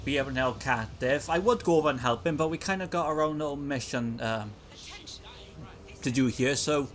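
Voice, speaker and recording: A let's play gamer jokes and exclaims his way through a video game in casual commentary. His voice sits in the mid range, with slight background noise behind it.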